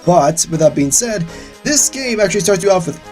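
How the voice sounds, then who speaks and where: A man's voice: high voice, lively intonation, brisk, a little mellow. Ranting sarcastic man with light music. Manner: sarcastic, ranting, swears freely. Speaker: gaming channel host. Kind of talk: casual let's-play commentary.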